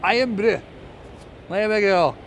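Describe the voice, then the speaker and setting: A man's voice: sits high, a little slow, background noise. A man reviewing takeaway food in a casual vlog, chatty and cheerful, laughing often.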